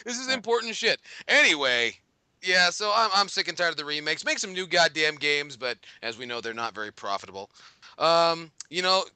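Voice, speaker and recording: A man's voice: fairly high pitch, lively intonation, moderate pace, sharp tone, clear, resonant tone, no room sound. A man hosting a casual podcast, joking and sarcastic in his delivery. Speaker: podcast host.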